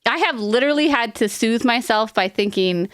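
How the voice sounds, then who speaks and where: Woman, podcast co-host, smooth clear voice, dry close mic, earnest rambling advice. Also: on the high side, animated, no echo. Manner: warm, earnest, rambling with quick asides and laughs. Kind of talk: casual advice chat.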